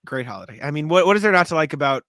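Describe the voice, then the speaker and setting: A young man co-hosts a casual sports podcast, his voice bright and a little high for a guy. He laughs through his own stories and swears freely, recorded close and dry. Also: animated, racing, dry recording. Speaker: podcast co-host. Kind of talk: casual chat.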